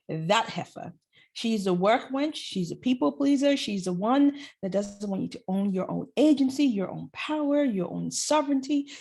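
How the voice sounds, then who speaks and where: Woman, vlogger, motivational talk, emphatic, husky, mellow. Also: mid-range voice. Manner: emphatic, conversational, encouraging.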